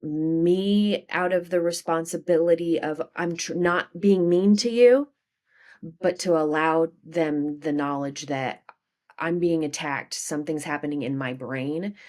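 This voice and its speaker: A young adult woman, a podcast guest, telling a candid personal story, animated, dropping quiet and then bursting out loud. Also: low-pitched, a little slow.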